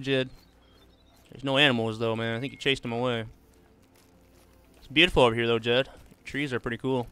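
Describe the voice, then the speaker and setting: A man's voice: medium pitch, bright, forceful tone, clear, resonant tone. A man doing casual live gaming commentary, chatting easily with viewers and tossing in "man" and "bro" all the time. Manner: laid-back, drawls "man" and "bro" often. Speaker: streamer.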